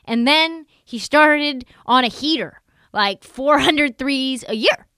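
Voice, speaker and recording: A woman co-hosting a podcast, chatting about sports in an animated, jokey way and acting out quotes. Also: sits high, slow pace, no echo. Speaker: podcast co-host. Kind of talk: casual sports chat.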